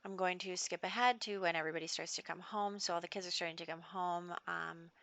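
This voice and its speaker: A woman's voice: fairly low pitch, fairly even intonation, fast, a bit bright, no echo. A woman hosting a gaming channel, narrating a life-sim storyline in a chatty way, with lots of fillers. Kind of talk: let's play narration.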